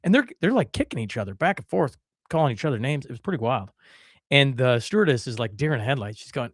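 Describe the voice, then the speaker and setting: A man's voice: medium pitch, expressive, fast talker, fairly bright tone, dry recording. Chatty man hosting, dry sound. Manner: chatty, rambling with fillers and restarts. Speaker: podcast host. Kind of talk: casual storytelling chat.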